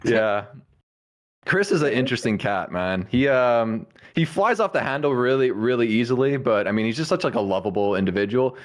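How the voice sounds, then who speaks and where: A man's voice: mid-range voice, animated, brisk. A man hosting a casual podcast chat, laid-back and swearing casually. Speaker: podcast host.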